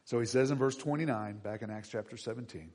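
A man preaching a sermon as pastor, animated and conversational, acting out voices of people in the story. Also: medium pitch, fast.

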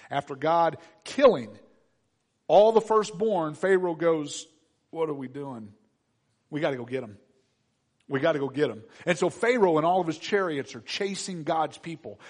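A man preaching a sermon in an animated way, acting out the complaining voices of the people in the story. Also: high-pitched.

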